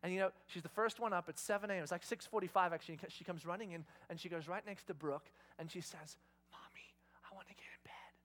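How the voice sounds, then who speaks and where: A man preaching, a pastor telling a lively family story and acting out the voices of his wife and kids. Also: high voice, quick pace, few pauses.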